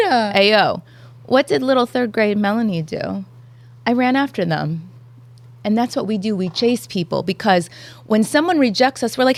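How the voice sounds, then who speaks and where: A woman's voice: mid-range voice, normal speed, no room sound. A woman guest on a podcast, candidly telling a personal story in a casual chat. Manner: candid, animated when telling stories.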